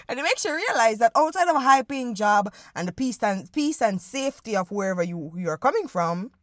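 A young woman with a Jamaican accent, hosting a podcast alone and talking in a playful, animated way as she guides listeners through a scene she paints for them. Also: fairly high pitch, brisk, no echo, studio quality. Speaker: podcast host. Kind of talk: casual solo podcast monologue.

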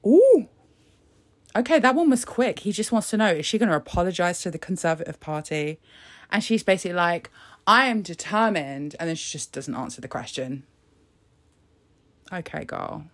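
A woman's voice: on the low side, animated, a little fast. A woman giving casual, sarcastic live commentary, laughing often and throwing in sassy asides. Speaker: live commentator on a press conference.

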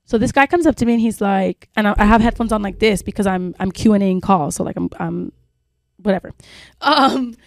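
A woman's voice: medium pitch, fairly quick, vocal fry, dry recording, studio quality. Casual woman co-host telling a story. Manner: rambling storytelling with many fillers and swearing. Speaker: podcast co-host. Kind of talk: casual chat.

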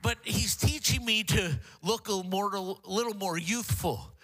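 An older man preaching a sermon as a guest preacher, mixing jokey self-deprecating asides with halting restarts. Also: high-pitched, a bit bright.

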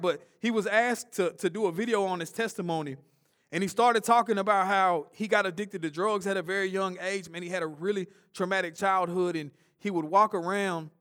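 A high-pitched man delivers a church sermon. He swings between loud, urgent passages and hushed, intense ones, often stumbling over and repeating words as he presses his point. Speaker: preacher.

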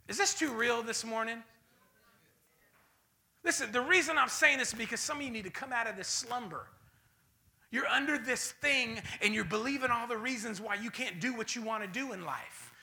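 A man preaching a sermon as pastor, swinging between loud bursts and mocking voices. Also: extremely high pitch, lively intonation, moderate pace.

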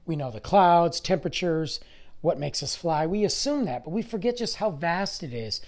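A podcast host in their forties, slightly hoarse from losing their voice, talking in a rambling, speculative and emphatic monologue. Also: medium pitch, lively intonation, moderate pace. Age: 40s. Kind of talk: casual monologue.

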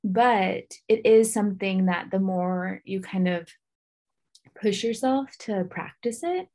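A woman's voice: mid-range voice, slow, a little mellow. A pregnant woman co-hosting a parenting podcast in a chatty manner, a bit winded, with many fillers. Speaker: podcast co-host. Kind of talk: casual chat on parenting.

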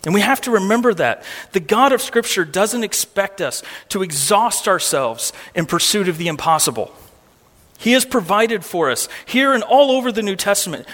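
Pastor, male, high voice, emphatic sermon delivery, long hall reverb. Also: fairly bright tone. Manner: emphatic, repeats words for stress.

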